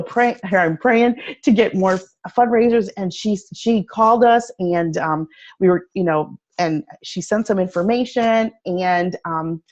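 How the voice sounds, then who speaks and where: A woman giving a casual sales training talk, telling stories in a chatty, animated way full of fillers and restarts. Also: medium pitch. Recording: dull lo-fi recording.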